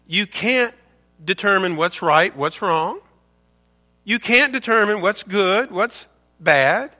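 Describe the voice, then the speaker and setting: A man's voice: sits high, pushed and bright. A man preaching a sermon as a pastor, emphatic and preachy, repeating words and asking rhetorical questions. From United States.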